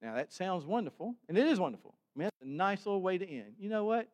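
A man preaching a sermon in a conversational way, with sudden bursts of loud emphasis. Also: sits high, animated, fast, few pauses. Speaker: pastor. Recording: long hall reverb.

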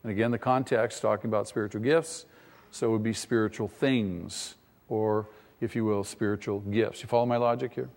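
A man's voice: lowish voice, steady tone, moderate pace, darkish tone, in a large hall. A man preaching a teaching sermon, asking the congregation questions and rising in emphasis. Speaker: pastor.

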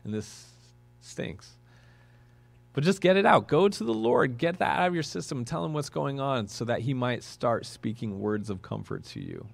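A man's voice: medium pitch, big pitch swings, brisk, creaky, few pauses. A man preaching a sermon as pastor of a church, talking in a conversational, earnest way that now and then rises into emphatic bursts.

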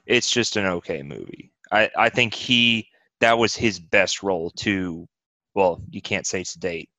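A man's voice: sits low, measured pace, pushed and bright, dry recording. A man co-hosting a podcast, giving wry, opinionated takes in casual chat. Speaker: podcast co-host.

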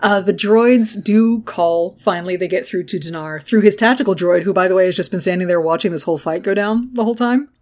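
A woman's voice: medium pitch, fairly quick, hardly any pauses, a little mellow. A woman in an easygoing podcast recap, her voice sitting in a middle register. She talks loosely, swears freely and keeps a dry, sarcastic edge as she walks through the plot. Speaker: podcast co-host. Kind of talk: casual episode recap chat.

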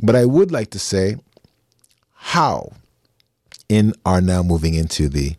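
A man hosting a podcast, asking his guest questions in a measured, reflective way. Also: sits low, very animated, a little mellow, no echo, clean studio sound. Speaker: podcast host. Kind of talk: interview questions. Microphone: remote call.

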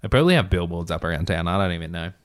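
A man's voice: deep voice, expressive, very fast, smooth. A man reading his own story aloud, breaking off for wry, joking asides.

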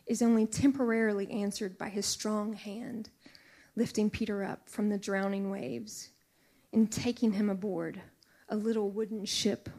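A middle-aged woman preaching a sermon in an earnest, intimate way, sometimes dropping to a soft near-whisper. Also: medium pitch, steady tone, measured pace.

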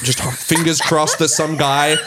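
A man co-hosting a casual podcast, sarcastic and quick to gripe, swearing freely as he picks a show apart. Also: a little high, fairly even intonation, heavy background noise. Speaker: podcast co-host. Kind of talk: casual chat.

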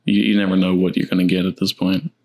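A man in a casual movie chat, halting and repeating words as he searches for what to say. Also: sits low, level tone, a little mellow.

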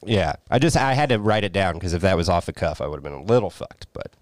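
A man's voice: low-pitched, big pitch swings, fast talker, no room sound. A young man co-hosting a movie podcast, joking loosely and swearing in casual banter. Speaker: podcast co-host.

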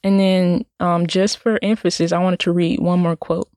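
A woman's voice: lowish voice, flat delivery, moderate pace, a little mellow, dry recording. Indignant woman with a dry, close sound. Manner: indignant, rambling, many "like" fillers and restarts. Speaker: vlogger. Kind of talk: casual personal monologue.

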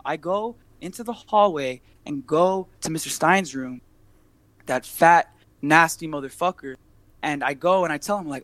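Young socal guy, cussing a lot, kinda high voice, dry sound. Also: normal speed, a bit bright, no room sound. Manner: profane, heated storytelling. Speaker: podcast guest, barber and rapper. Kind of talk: casual storytelling chat.

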